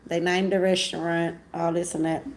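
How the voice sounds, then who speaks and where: A woman's voice: lowish voice, little pitch movement, normal speed. A woman who owns a salon, chatting casually and relaying what others told her in quoted asides. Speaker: salon owner, guest. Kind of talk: casual chat.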